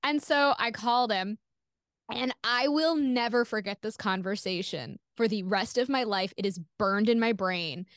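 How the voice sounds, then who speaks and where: A woman's voice: medium pitch, normal speed, no echo, studio quality. A woman guest on an interview podcast, telling a personal story candidly, swearing freely and filling her talk with "like". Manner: animated, acts out quoted voices.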